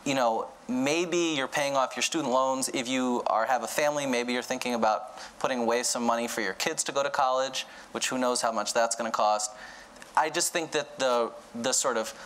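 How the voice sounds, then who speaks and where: A man's voice: mid-range voice, fairly bright tone, poor audio. A man on a policy panel speaking earnestly, with hesitations, about young adults' money troubles. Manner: earnest, halting, uses many fillers. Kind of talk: panel discussion.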